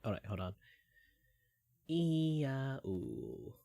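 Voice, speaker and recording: Chatting while he draws on stream, a young man from Malaysia rambles with lots of fillers and moves between a low voice and a higher one. He speaks at normal speed with lively intonation, in studio quality with no room sound.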